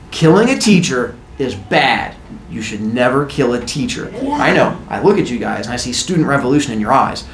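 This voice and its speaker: A man's voice: on the high side, a little hiss or hum. A man teaching a class, retelling a myth in a playful, jokey storytelling way. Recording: echoey classroom.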